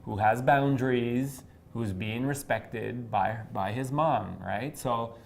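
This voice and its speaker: A man in casual conversation, speaking haltingly and repeating words as he searches for them. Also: mid-range voice, vocal fry, slight background noise. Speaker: co-host.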